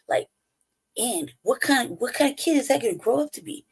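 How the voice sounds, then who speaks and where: A woman's voice: high voice, fast talker, creaky, rough recording. A woman in her forties telling stories in a blunt, profane, casual rant, laughing often as she goes. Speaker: podcast co-host.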